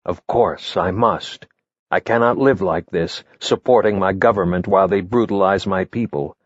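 A man voicing an earnest male foreign agent who is set on his choice, read in a low voice. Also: normal speed, no room sound, highs cut off.

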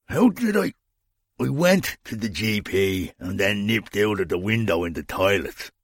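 A man's voice: lowish voice, expressive, no echo. A man voicing a coarse, indignant criminal, swearing and complaining in a dry storybook reading. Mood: sarcastic. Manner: crude, swearing, quick to complain.

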